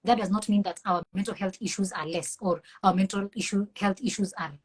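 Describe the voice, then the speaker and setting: A woman with a Kenyan accent, a mental health professional, talks a little fast in a mid-range, breathy voice with a steady tone during a conversational interview. Earnest, impassioned, and somewhat preachy, she is captured on poor audio.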